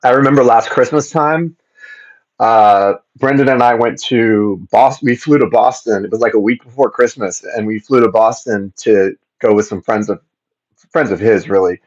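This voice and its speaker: A man's voice: mid-range voice, normal speed. A man from Florida hosting a casual tarot livestream from his home, chatting and rambling, often repeating words and greeting viewers by name. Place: home, indoors. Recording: slightly dull livestream audio.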